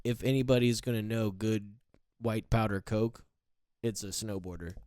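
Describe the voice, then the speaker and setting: A man's voice: on the low side, fairly even intonation, normal speed, a little mellow, no echo, clean studio sound. A man co-hosting a casual podcast chat, joking and laughing often. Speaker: podcast co-host.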